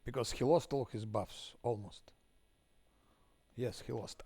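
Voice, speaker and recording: Gravelly man cursing at a game. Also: mid-range voice, a little slow, pauses often, warm tone, no echo. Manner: swears angrily, mutters under breath. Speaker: game streamer. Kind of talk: live gameplay commentary.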